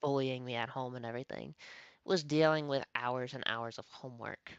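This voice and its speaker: A woman streamer telling a story in casual chat, animated and swearing, acting out the dialogue she quotes. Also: rumbling low, moderate pace, clear, resonant tone, no room sound. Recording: dry, dull lo-fi stream audio.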